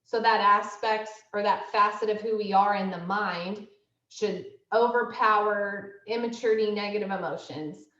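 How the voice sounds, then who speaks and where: A woman counselor presents to parents in an easy, conversational way, stopping to check in with her listeners. Her mid-pitched voice sounds distant and roomy. The audio is dull and muffled. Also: normal speed, fairly bright tone. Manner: conversational, acts out inner thoughts as quoted asides. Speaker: school counseling director.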